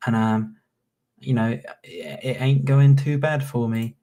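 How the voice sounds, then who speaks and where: Northern english youtuber, late 20s, sweary rambling, gravelly. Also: male voice, mid-range voice, steady tone, normal speed, warm tone. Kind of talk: casual reaction commentary.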